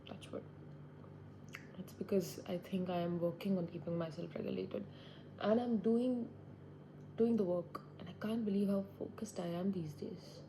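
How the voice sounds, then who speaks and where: A woman's voice: on the low side, fairly even intonation, moderate pace, noisy background. A woman in her twenties, talking to herself in a reflective, rambling way as she sits indoors by a window. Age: 20s. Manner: musing, rambling, talks to herself. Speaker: vlogger. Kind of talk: reflective solo monologue.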